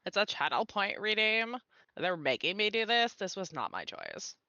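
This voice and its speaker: A woman doing a Valley Girl voice as a stream co-host, playful and drawn-out. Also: mid-range voice, big pitch swings, bright, forceful tone, no room sound, lo-fi sound, pitched above the performer's own voice. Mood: bubbly. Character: bubbly young female Valley Girl. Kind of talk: casual chat in a put-on voice.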